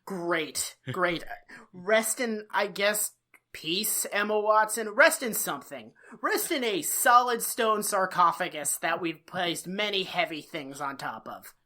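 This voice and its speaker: A man co-hosting a casual comedy podcast, ranting with exasperation, swearing freely and jumping sharply up in pitch. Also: lively intonation, slow pace, pushed and bright. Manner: exasperated, swearing rants with sudden jumps in pitch. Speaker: podcast co-host.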